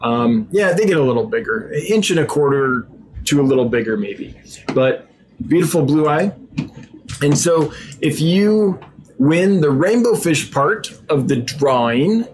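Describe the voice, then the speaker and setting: A man's voice: fairly high pitch, very animated, unhurried, darkish tone, a little hiss or hum, rough recording. A man chatting casually on his own stream, ad-libbing with frequent ums and restarts, growing enthusiastic as he describes aquarium fish. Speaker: aquarium fish seller and channel host. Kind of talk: casual live-stream chat.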